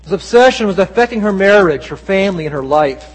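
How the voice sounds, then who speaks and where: A man with a high-pitched voice preaches a Sunday sermon as pastor. He tells stories earnestly and acts out quoted lines with feeling. His voice carries a long reverb from the church sanctuary. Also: animated, quick pace, breathy edge.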